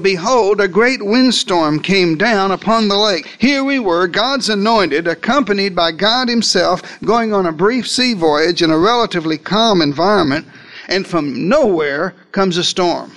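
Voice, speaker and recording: A man preaching a theatrical sermon, retelling a story as if he were there and speaking directly to his listeners. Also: fairly bright tone. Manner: theatrical, shifts pitch and pace for emphasis. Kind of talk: dramatic first-person sermon storytelling.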